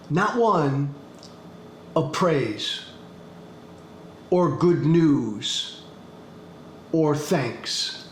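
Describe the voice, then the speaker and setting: A male podcast host delivers a political monologue in a slightly high voice, drawing out each word slowly and driving his point home through repetition. His blunt, profane delivery carries a faint hiss and an echo from the room. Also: animated. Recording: echoey room with faint background noise.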